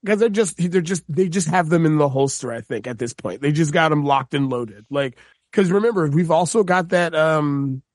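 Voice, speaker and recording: A man co-hosting a podcast, chatting casually and telling jokes with animated energy. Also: on the high side, moderate pace, dry recording, clean studio sound. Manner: animated, joking storyteller. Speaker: podcast co-host. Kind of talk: casual chat.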